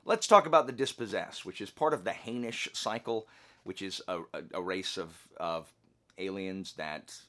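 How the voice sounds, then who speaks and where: A man's voice: deep voice, normal speed, a bit bright. A man hosting a book review channel, talking casually and rambling with asides and restarts. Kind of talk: casual chat to camera.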